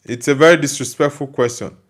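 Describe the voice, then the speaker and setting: A man's voice: medium pitch, steady tone, brisk. A young Nigerian man hosting a football livestream, reading viewer comments aloud and answering them bluntly in casual chat. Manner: blunt, dismissive retorts to viewer questions. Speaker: football news livestream host.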